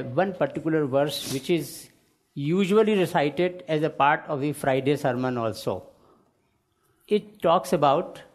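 A man on a panel who explains a point in a measured, deliberate way. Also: medium pitch.

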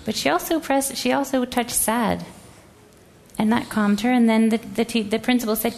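A woman's voice: a little high, steady tone, normal speed, darkish tone. A woman educator giving a presentation, telling a classroom story and acting out the quoted voices. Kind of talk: presentation talk.

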